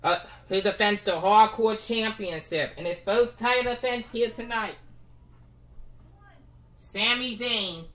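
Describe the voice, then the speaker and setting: A commentator calling a home-made toy wrestling show, with halting restarts and bursts of excitement. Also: mid-range voice.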